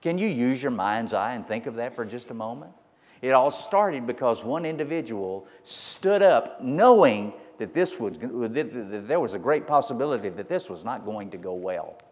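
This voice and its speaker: Male preacher, emphatic storyteller, repeats for stress, mid pitch, long hall reverb. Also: expressive, moderate pace, a little mellow. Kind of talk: sermon.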